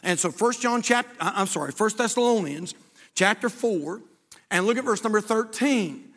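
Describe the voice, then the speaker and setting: A man's voice: high voice, animated, normal speed, a bit bright, big-room sound. An older man preaching a sermon as pastor in a church, folksy and emphatic, repeating his key phrases. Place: church sanctuary.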